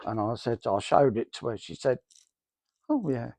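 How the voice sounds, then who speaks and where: A man's voice: medium pitch, sing-song, normal speed, darkish tone, no room sound. Man, middle-aged, rambling spoken testimony, acts out dialogue, dry sound. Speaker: church member giving testimony.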